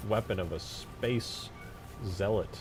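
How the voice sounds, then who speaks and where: A man's voice: on the low side, slow, noisy background. A man chatting casually on a livestream while he works on a game mod, talking to viewers in an easygoing way. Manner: chatty, animated, talks to viewers and his cat. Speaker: streamer.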